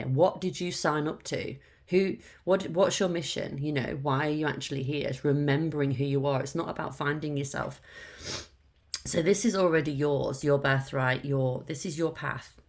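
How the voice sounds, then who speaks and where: Low-voiced frank woman tarot reader. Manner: frank, coaxing, swears casually, repeats "look" and "like". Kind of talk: casual direct-to-camera tarot reading.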